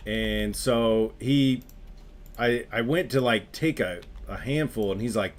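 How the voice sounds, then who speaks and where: A man's voice: lowish voice, unhurried. A young adult man on a gaming stream, casually telling a story while he plays, laughing often and talking in loose slang.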